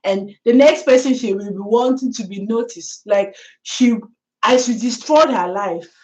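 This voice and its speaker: A woman's voice: a little high, measured pace, a little mellow, rough recording. A woman vlogger telling a story in a chatty way, laughing often and talking straight to the viewer. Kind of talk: casual storytelling commentary.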